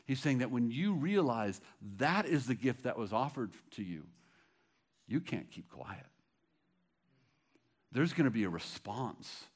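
Man preaching with dramatic hush and surge. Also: mid-range voice, expressive, a little slow, long pauses. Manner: dramatic, swings between hushed and loud; acts out quoted dialogue in Bible stories. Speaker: pastor. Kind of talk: sermon.

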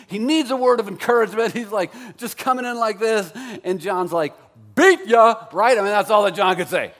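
A man's voice: sits high, fairly bright tone. A man preaching a sermon as pastor, conversational and joking, with self-deprecating asides.

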